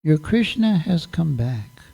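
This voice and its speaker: A man speaks as a gentle young woman, soft-spoken and respectful toward an elder. Her replies come slowly and calmly, in a mellow tone. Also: a little high, gravelly, husky, exaggerated voice.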